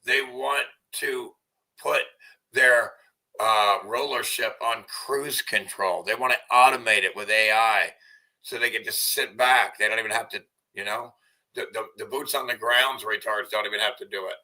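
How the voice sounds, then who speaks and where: A man with a low voice and a very bright, piercing edge rants angrily about clips he plays. He swears constantly and often breaks into shouting. His talk is loose and off the cuff. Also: moderate pace, low-quality recording. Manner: profane, ranting, bursts into shouting. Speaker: video commentator. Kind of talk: angry reaction commentary.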